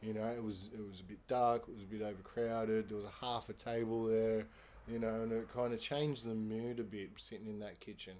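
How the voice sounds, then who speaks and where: Rambling man with a lowish voice. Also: steady tone, brisk, a little mellow, slight background noise. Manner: rambling, many fillers, slangy. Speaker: podcast host. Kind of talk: casual storytelling.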